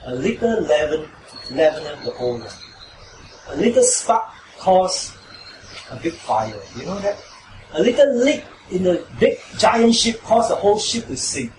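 Guy preaching in a church, kinda high voice, lots of "right?", echoey room, mic far off, noisy. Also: very animated, a little slow. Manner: emphatic, repetitive, asks listeners "right?". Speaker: pastor. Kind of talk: sermon and closing prayer.

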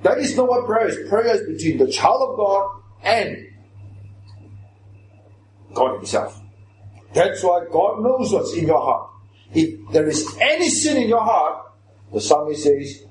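High-voiced emphatic preacher. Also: male voice, sing-song, measured pace, pauses often, darkish tone, a little hiss or hum. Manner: emphatic, questions the congregation directly. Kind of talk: sermon. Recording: echoey hall with faint ambience.

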